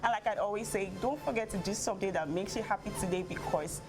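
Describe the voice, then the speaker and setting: A woman's voice: medium pitch, fast talker. Woman host over background music. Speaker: show host. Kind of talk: casual interview chat.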